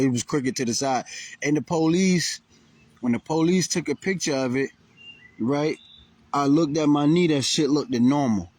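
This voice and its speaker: A man casually telling a rambling, profane story to camera with lots of restarts and fillers. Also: medium pitch. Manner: rambling, profane, animated retelling with many restarts. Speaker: vlogger. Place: near Burlington, Vermont.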